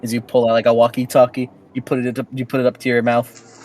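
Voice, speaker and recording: A man's voice: mid-range voice, completely flat delivery, quick pace, darkish tone, poor audio. A man narrating a tabletop role-playing game as game master, hesitant with many fillers.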